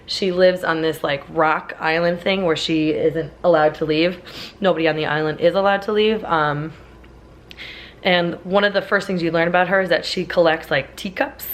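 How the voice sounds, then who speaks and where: A young woman vlogging about her reading, chatty and full of "like" fillers, her voice raspy from laryngitis and a sinus infection. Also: fairly low pitch, fairly even intonation, moderate pace. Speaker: book vlogger. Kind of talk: casual reading vlog chat.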